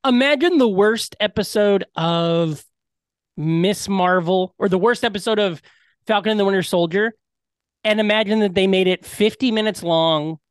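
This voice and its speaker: A man's voice: high-pitched, normal speed, clean tone, dry recording, clean studio sound. A man co-hosting a podcast, telling rambling, profane comic stories in casual chat. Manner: rambling, profane, jokey storyteller. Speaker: podcast co-host.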